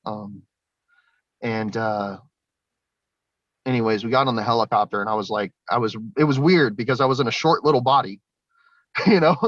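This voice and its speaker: A man's voice: mid-range voice, moderate pace, pauses often, a bit bright, no room sound. A man telling his story in casual, rambling speech, swearing often and laughing between lines. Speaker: guest. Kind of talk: casual spoken testimony. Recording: dull lo-fi sound, dry.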